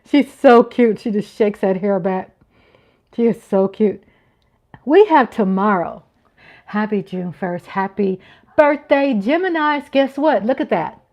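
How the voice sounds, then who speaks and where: A woman in her fifties hosts a casual livestream, reading chat comments aloud with playful giggles and little sung riffs. Her mid-range voice is expressive and somewhat dark in tone, and she speaks at a measured pace.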